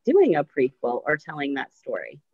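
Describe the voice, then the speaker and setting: A woman's voice: extremely low pitch, huge pitch swings, normal speed, slightly rough. A woman hosting a book club interview over a video call, reading out viewer questions. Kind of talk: casual interview chat. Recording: dull lo-fi sound.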